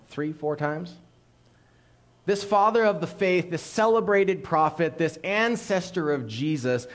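A man in a church sanctuary delivering a sermon with a fairly high voice. He tells the story with lively asides to the congregation, joking one moment and earnest the next. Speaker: pastor.

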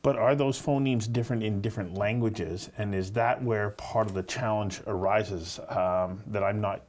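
Curious male interviewer, somewhat low voice. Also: moderate pace, a little mellow. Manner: curious, probing, thinks aloud. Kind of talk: interview questions.

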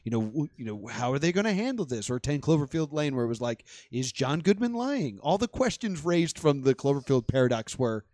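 A man's voice: medium pitch, sing-song, brisk, hardly any pauses, darkish tone, no room sound. A young man casually chatting about movies as a podcast co-host, acting out his own reactions.

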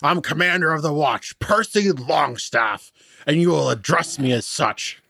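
A man's voice: expressive, unhurried, gravelly, pushed and bright, heavily acted. Man doing a pompous halfling commander. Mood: indignant. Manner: pompous, booming, drawn out.

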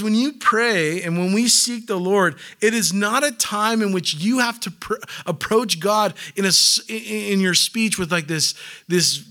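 A young man preaching a sermon with an easy, joking style. His voice sits high and bright. He breaks into short acted-out voices to make his points. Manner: animated, joking, acts out voices. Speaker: pastor.

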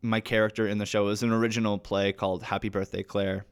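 A Canadian man, an actor, talking casually as a podcast guest and telling animated stories, swearing freely. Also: fairly low pitch, quick pace, smooth. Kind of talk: casual chat.

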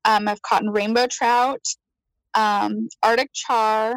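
A high-voiced woman tells a story in casual conversation. She is animated, laughs often and acts out what she said. The sound is dry and close. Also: slow, no echo, poor audio. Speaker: guest.

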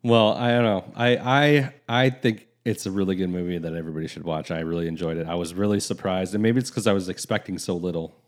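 A man in a casual movie chat, relaxed and agreeable, thinking aloud. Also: low voice, quick pace, hardly any pauses.

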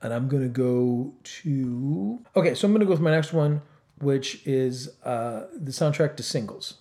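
A man's voice: mid-range voice, moderate pace, mellow. A man co-hosting a casual chat about movie soundtracks, hesitating often and filling gaps with ums as he hedges his opinions. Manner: hesitant, many ums, hedging. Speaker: podcast co-host.

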